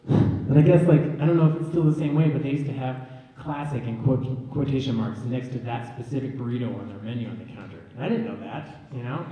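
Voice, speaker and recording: A young man from New Mexico doing live stand-up comedy, telling rambling, animated stories with deadpan asides. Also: mid-range voice, brisk, muffled recording. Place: stage in a large hall. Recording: echoey hall, distant mic.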